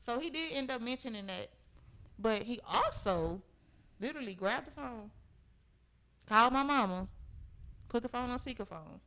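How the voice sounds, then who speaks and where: A woman's voice: fairly high pitch, expressive, normal speed, pauses often, a bit bright, low-quality recording. A young woman talking as a podcast guest, telling a personal story in an earnest, emphatic way and often checking in with her listeners. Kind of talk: conversational storytelling.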